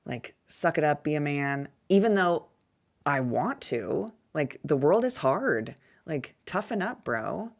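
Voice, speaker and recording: A woman in her thirties, a podcast guest, speaks in a notably low voice. She is candid and animated and slips in self-deprecating humor as she talks through her own story. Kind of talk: casual conversational interview.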